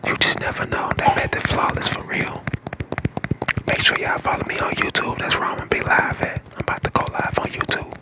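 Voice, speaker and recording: A man in his twenties from St. Louis, whispering casual chat to viewers on an ASMR live stream, hoarse from a lost voice. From St. Louis, Missouri. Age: 20s. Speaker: ASMR creator.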